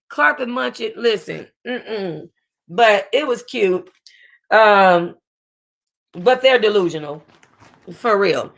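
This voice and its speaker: Teary woman host going over a reality show, gravelly fry in her voice, rambly and slangy, keeps restarting. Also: on the high side, animated, measured pace, a bit bright. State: close to crying. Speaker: reality TV reviewer. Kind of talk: casual chat.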